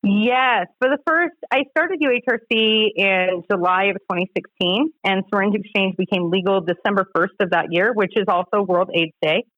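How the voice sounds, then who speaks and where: A woman in her forties with a Utah accent tells stories in a relaxed, animated podcast chat. Her voice sits mid-range and is recorded close and dry, with a slightly dull, muffled tone. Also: mid-range voice, moderate pace, hardly any pauses, no echo. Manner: animated, laughing storyteller. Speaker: podcast guest, harm reduction director. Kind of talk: casual storytelling chat.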